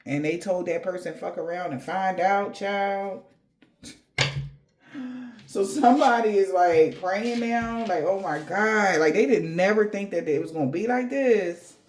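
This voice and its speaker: A woman's voice: mid-range voice, a little slow, darkish tone. A woman giving a casual tarot reading, rambling in slangy talk addressed straight to the viewer. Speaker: tarot reader.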